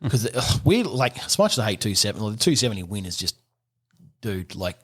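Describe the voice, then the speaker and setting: Husky middle-aged aussie bloke, casual podcast yarn, swears a lot, laughs a lot. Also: male voice, lowish voice, a little fast. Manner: animated, swearing, laughs often. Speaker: gunsmith guest.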